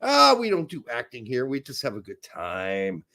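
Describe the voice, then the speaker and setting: A man's voice: medium pitch, wildly swooping pitch, normal speed, creaky, sharp tone. A man hosting a casual live stream, joking and teasing his co-host.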